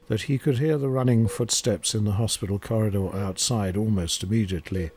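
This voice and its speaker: A man narrating a horror story in a measured, grave manner. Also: on the low side, a little mellow. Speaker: audiobook narrator. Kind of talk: scripted narration.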